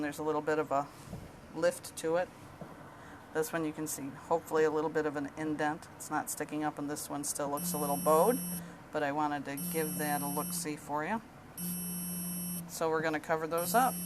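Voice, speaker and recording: Middle-aged home-canning host with a low voice, chatty and playful, recorded from across a noisy kitchen. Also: female voice, distant mic. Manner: chatty, talks while working, playful. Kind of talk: casual how-to demonstration.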